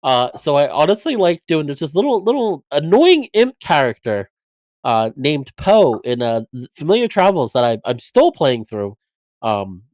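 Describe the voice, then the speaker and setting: A woman's voice: sits low, sing-song, normal speed, darkish tone, no echo. A woman voice actor chatting casually on a podcast, hesitant and full of fillers. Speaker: voice actor guest.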